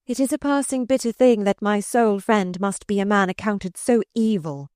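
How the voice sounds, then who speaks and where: A woman's voice: mid-range voice, moderate pace, darkish tone, no echo, clean studio sound, voice pushed up, close to an everyday voice. A woman reading aloud voices a pious, spirited young noblewoman who pleads with fervent conviction. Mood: weary.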